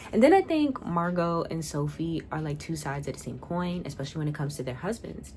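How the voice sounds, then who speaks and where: Low-voiced chatty woman reviewer. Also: slight background noise. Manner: chatty, animated, sassy asides. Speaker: video reviewer. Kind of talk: casual review chat.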